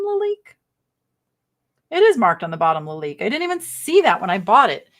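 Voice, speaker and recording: Middle-aged woman host, slightly high voice, chatty and rambling, live-sale patter. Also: a bit bright. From American South. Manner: chatty, rambling, thinks aloud. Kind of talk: casual live selling chat.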